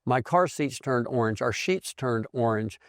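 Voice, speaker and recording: An older male doctor telling his own health story in a conversational way, animated and acting out the voices of the people in it. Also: mid-range voice, moderate pace, no room sound, studio quality. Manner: animated storyteller who acts out quoted voices. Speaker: physician host.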